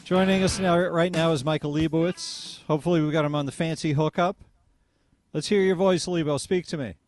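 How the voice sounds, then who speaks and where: A man hosting a call-in radio talk show, animated and sarcastic as he talks with his guest. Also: a little high, fairly quick, faint music behind.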